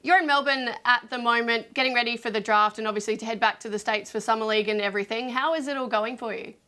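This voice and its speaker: Female co-host, high and bright, brisk upbeat links. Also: fairly even intonation. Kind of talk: scripted segment links.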